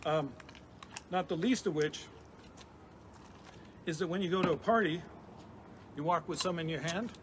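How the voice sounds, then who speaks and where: A middle-aged man, a chemistry professor, giving a lively, chatty live science demonstration for kids with frequent restarts. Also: on the high side, moderate pace, long pauses. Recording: noisy background hiss.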